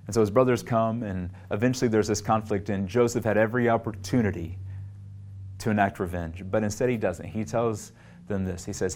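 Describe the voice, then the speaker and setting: A middle-aged man preaching a sermon, earnest, rising to emphatic peaks and then dropping low and soft when he tells his own story. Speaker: pastor.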